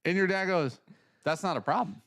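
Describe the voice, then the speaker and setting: A man co-hosting a casual talk stream, animated and acting out the people in his stories. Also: high-pitched, brisk, dry recording, studio quality. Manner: animated storyteller, acts out quotes. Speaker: podcast co-host. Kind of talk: casual chat.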